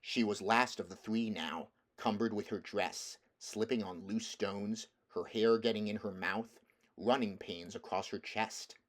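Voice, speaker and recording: Man reading a storybook aloud, lowish voice. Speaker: audiobook reader. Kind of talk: storybook narration.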